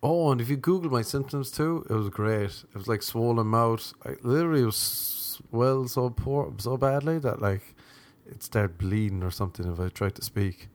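An Irish man with a cold, hosting a podcast and telling a rambling comic story with sarcastic, deadpan asides. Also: medium pitch, moderate pace, hardly any pauses, no echo. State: sniffly with a cold.

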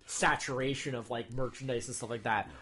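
A man's voice: medium pitch, fairly even intonation, brisk, fairly bright tone, husky. A man co-hosting a casual podcast chat, rambling with many fillers and restarts. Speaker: podcast co-host.

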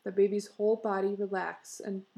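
A woman reads a story aloud in a measured, expressive way. Her voice is mellow and dark, with a gravelly fry. Her delivery is steady and clear, like a storybook reading. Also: mid-range voice, rough recording. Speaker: narrator. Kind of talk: storybook narration.

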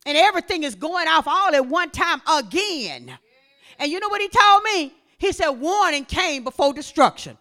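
A woman preaching, swinging from quiet talk to shouted exhortation. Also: expressive, moderate pace. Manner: impassioned, rising to shouts then dropping low.

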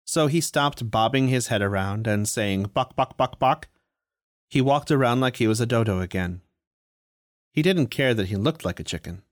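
A man reading a story aloud in a steady, even storytelling manner. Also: medium pitch, normal speed, no room sound, studio quality. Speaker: audiobook reader. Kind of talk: storytelling narration.

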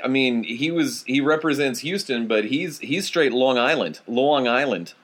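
Man in halting sports chat. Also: medium pitch, expressive, fairly bright tone. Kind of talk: casual sports banter.

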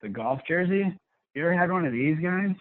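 A man hosting a casual interview, relaxed and jokey, asking loose questions. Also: on the high side, fairly quick, no room sound. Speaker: host. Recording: thin phone-like line.

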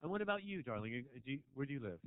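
A man doing a stand-up set in a small club, teasing the crowd, swinging between low mutters and loud shouts. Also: big pitch swings, rapid-fire, clean tone, no echo. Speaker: stand-up comedian. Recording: dry, tinny phone-like sound.

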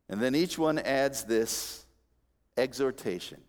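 Lively preaching man in a reverberant hall. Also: mid-range voice, measured pace. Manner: expressive preaching, swings from soft asides to loud emphatic peaks; dry humorous asides to the congregation. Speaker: pastor. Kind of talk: sermon. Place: church sanctuary. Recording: long reverb of a large hall.

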